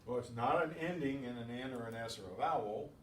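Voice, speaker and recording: A man's voice: mid-range voice, a little fast, fairly bright tone. A man teaching a beginners' language class, explaining patiently and answering his own questions. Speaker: Spanish teacher. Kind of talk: classroom lesson. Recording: echoey room, distant mic, faint noise.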